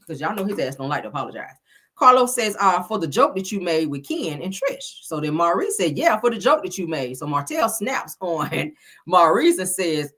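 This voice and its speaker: A woman's voice: lowish voice, big pitch swings, normal speed, fairly bright tone, husky. A middle-aged woman, casually recapping a reality show, sassy and chatty, a bit congested from a cold. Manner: chatty, sassy, says "child" and "y'all" a lot. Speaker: reality TV review host.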